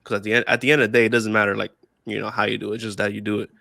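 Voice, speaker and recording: A man's voice: fairly low pitch, level tone, very fast, vocal fry, sharp tone, no echo, studio quality. A young man casually telling a story on a podcast, laughing often, swearing freely and repeating himself. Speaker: podcast co-host.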